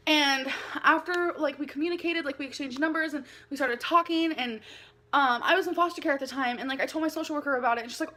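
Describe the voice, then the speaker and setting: A woman's voice: sits high, fast, bright, forceful tone. A woman vlogging casually to camera, rambling and giggling, with lots of "like" in her speech. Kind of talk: casual confessional vlog talk.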